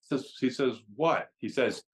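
A man who is a podcast guest and tells chatty, animated stories with frequent restarts. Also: mid-range voice, moderate pace. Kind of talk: casual storytelling.

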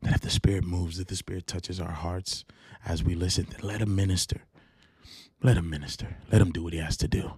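Husky low-voiced man preaching earnestly. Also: steady tone, brisk, dry recording. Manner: earnest preaching, gets worked up then goes quiet and intimate. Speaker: podcast host. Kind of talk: late-night solo podcast preaching.

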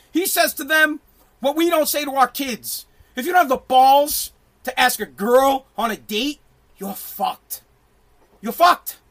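A middle-aged man ranting in a brash, profane, emphatic way, now and then bursting into shouts. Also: very high voice. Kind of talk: ranting monologue.

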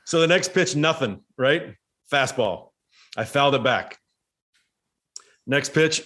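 A former baseball player telling a story in casual chat, rambling and animated with many restarts. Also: male voice, mid-range voice, moderate pace.

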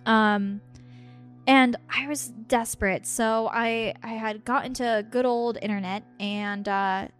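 A woman on a podcast tells personal stories in a casual, animated way, slipping into quoted voices as she goes. Her voice sits a little high. Faint music plays underneath. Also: slow pace. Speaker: podcast co-host and medium. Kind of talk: casual storytelling chat.

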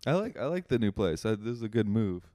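A man's voice: on the low side, big pitch swings, fast talker, mellow, dry recording, studio quality. A man co-hosting a podcast in casual chat, teasing and laughing often. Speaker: podcast co-host.

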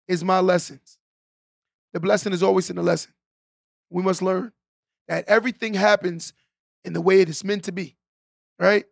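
A man's voice: sits high, gravelly, no room sound, studio quality. A man hosting a live stream, giving a preachy motivational talk to his viewers, repeating his key lines and often tagging them with "right?". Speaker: podcast host on a live stream.

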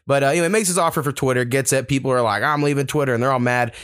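A man's voice: medium pitch, racing, a bit bright, no room sound, clean studio sound. A man hosting a podcast, chatting casually and telling loose, profane stories with lots of fillers. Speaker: podcast host.

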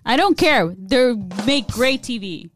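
A woman's voice: high voice, animated, measured pace, soft background music. A woman talking as a podcast guest in casual chat, enthusiastic and emphatic, swearing freely.

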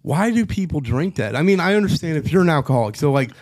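A man's voice: on the high side, expressive, quick pace, a little mellow. Crude, joking drunk male podcast host. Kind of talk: casual drunken chat.

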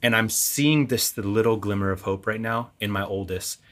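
Bright, lower-voiced earnest podcast co-host. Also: male voice. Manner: earnest, affirming, quick to agree. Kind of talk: casual chat.

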